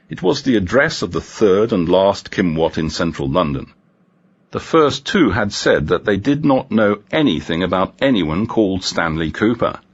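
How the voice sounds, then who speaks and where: A man narrating a crime story for an audiobook in a measured, expressive way. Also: low-pitched, slightly rough, lo-fi sound.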